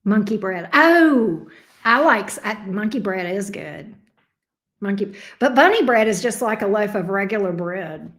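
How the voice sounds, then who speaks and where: A woman's voice: medium pitch, animated, unhurried, a bit bright. A Southern woman from Alabama hosting a live stream, chatting casually and rambling as she reacts to viewer comments. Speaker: tarot reader and live stream host.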